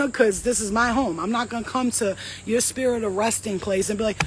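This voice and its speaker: A woman's voice: fairly high pitch, fairly quick, noisy background. A woman, a psychic medium and host, telling a story to a live audience in casual, streetwise slang, with lots of swearing. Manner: animated, profane, streetwise slang.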